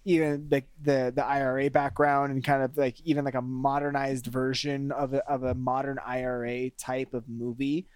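A man's voice: mid-range voice, moderate pace, hardly any pauses, clean tone, no echo. Chatty man with a dry close voice. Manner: animated, leans on "like" and "kinda". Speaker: podcast co-host. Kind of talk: casual podcast chat.

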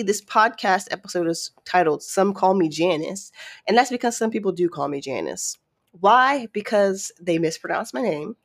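Woman host, low voice, chatty and playful, thinks aloud with plenty of restarts; suits a casual solo Q&A podcast. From Maryland, USA. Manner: chatty, animated, thinks out loud with many restarts; playful and candid.

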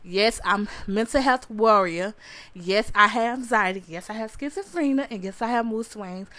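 A woman's voice: medium pitch, normal speed, fairly bright tone. Young woman hosting her own podcast. Earnest personal testimony, repeats herself, mid-range voice. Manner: earnest, repetitive, calls listeners honey. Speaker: podcast host. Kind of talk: personal testimony to a live audience.

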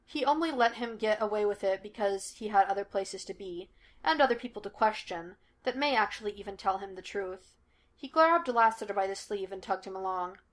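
A woman's voice: mid-range voice, animated, fairly quick. Woman reading fan fiction aloud. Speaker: podfic reader.

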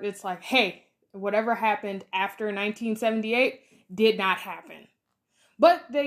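A woman in her twenties co-hosting a podcast, chatting casually through a film review with lots of fillers and lively retelling. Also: medium pitch. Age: 20s. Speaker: podcast co-host.

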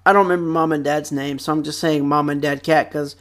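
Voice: medium pitch, steady tone, a little fast. Young vlogger, casual rambling chat, full of fillers and repeats, close mic. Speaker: vlog host. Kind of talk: casual chat about childhood TV shows. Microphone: close microphone.

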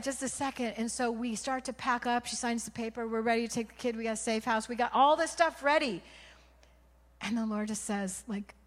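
A woman preaching a sermon, telling a story with strong emotion, dropping to hushed whispers and rising to loud cries. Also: on the high side. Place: church. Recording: long hall reverb.

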